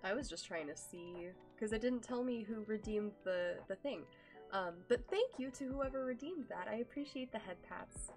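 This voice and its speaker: A woman's voice: a little high, lively intonation, moderate pace, a little mellow, soft background music. A young woman streaming live, chatting casually with her viewers in a gushing, affectionate way, full of ums and likes.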